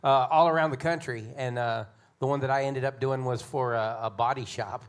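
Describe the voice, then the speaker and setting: A man's voice: medium pitch, steady tone, moderate pace, clear, resonant tone. A man who plays guitar in the band, answering hesitantly with a laugh and self-deprecating asides. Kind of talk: casual chat.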